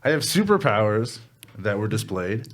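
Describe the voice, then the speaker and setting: A man's voice: lowish voice, sing-song, normal speed. A man who is an actor guest on a casual podcast, answering in a bashful, rambling way and laughing often. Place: podcast studio.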